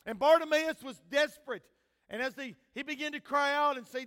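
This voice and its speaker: Older man, pastor, very high voice, loud calls and quiet asides, long church reverb. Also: brisk. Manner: preaching with swings between loud emphatic calls and quiet asides; mixes scripture reading with homespun family stories. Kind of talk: sermon. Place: church sanctuary.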